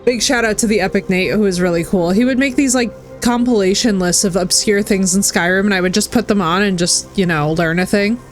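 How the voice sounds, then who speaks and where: A woman in her thirties chatting casually while streaming a game, animated and talkative. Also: medium pitch, fairly quick, few pauses, soft background music. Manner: chatty, animated, slips into put-on voices. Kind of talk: casual chat while gaming.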